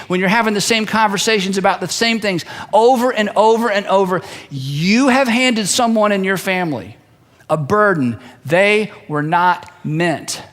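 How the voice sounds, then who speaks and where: A man's voice: sits high, a bit bright. A middle-aged man preaching a sermon, telling stories and acting out family members' voices with repeated build-ups. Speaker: pastor.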